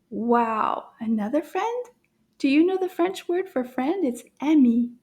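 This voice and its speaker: In a children's French lesson, a woman with a high, expressive voice sings her words cheerfully, talks slowly and clearly for young learners, and now and then slips into a soft whisper.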